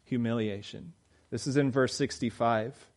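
A man's voice: mid-range voice, steady tone, moderate pace, a little mellow. A man preaching a sermon, talking conversationally and driving his points home with rhetorical questions. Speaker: pastor.

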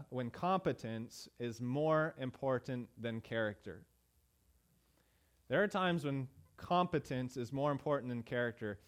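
A pastor preaching a sermon in a conversational way, with many "uh" fillers and emphatic repeated phrases. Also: male voice, fairly high pitch, clean tone. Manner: emphatic rhetorical repetition.

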